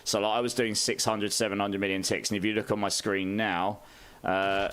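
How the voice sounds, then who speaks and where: A man's voice: on the low side, little pitch movement, moderate pace, a bit bright, smooth. A man, chatting casually on a game live stream, greeting viewers and laughing often.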